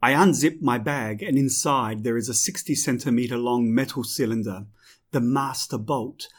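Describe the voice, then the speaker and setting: A man giving slow, clear first-person scripted audiobook narration. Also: mid-range voice.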